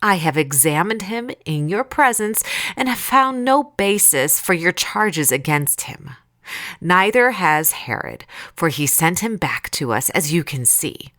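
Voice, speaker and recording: A woman's voice: fairly low pitch, very animated, measured pace, fairly bright tone. A woman voicing a stern but uneasy male Roman governor who pleads and reasons with a crowd. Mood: insistent.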